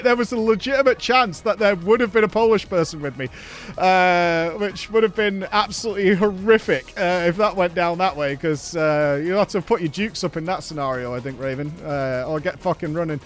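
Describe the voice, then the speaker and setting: A man's voice: sits high, fairly quick, fairly bright tone, faint music behind. A man in casual chat, rambling through a story with frequent swearing and nervous laughs. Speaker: show host.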